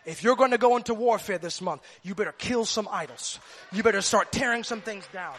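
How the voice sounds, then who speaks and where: A man's voice: high-pitched, brisk, a bit bright. A man preaching a sermon with fervent, repetitive preaching cadence.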